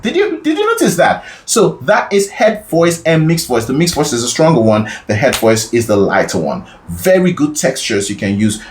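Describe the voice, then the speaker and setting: A male singing teacher explaining vocal registers patiently, often checking in with his listeners as he goes. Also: mid-range voice. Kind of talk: instructional explanation.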